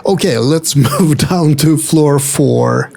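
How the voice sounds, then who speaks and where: Slow-talking gravelly man. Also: fairly high pitch. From Sweden. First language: Swedish. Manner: chatty, wry asides and gentle jokes. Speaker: travel vlogger and host. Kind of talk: casual walking-tour narration. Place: indoor multi-floor retro game store.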